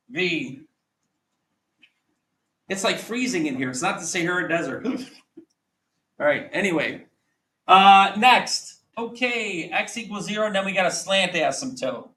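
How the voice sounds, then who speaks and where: A man teaching a math lesson to a class, quizzing students with quick repeated questions. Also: a little high, lively intonation, a bit bright. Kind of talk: classroom lecture. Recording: echoey classroom, mic at a distance.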